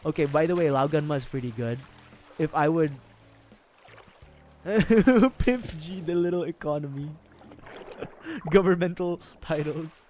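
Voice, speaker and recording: A man's voice: a little high, moderate pace, a little mellow, a little hiss or hum. A man from the Philippines chatting casually with viewers on a gaming livestream, laughing often and swearing freely as he rambles.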